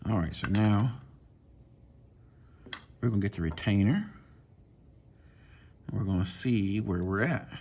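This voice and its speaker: A man, casually talking viewers through swapping a reel handle, folksy and relaxed as he works. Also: fairly low pitch, a little slow, long pauses, slight background noise. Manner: relaxed, talks to himself while working, folksy. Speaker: fishing channel host. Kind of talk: casual hands-on tutorial.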